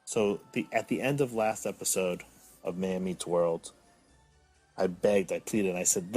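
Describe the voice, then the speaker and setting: A man's voice: sits low, fairly even intonation, measured pace, a little mellow, soft background music. A man in his thirties hosting a comedic solo podcast, talking with mock drama that swings from mopey to indignant. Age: 30s. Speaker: podcast host.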